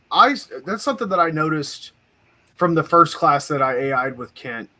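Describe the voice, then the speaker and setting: A man's voice: mid-range voice, pushed and bright. A man co-hosting a podcast as a firearms instructor, explaining ideas at length in casual chat with some profane joking.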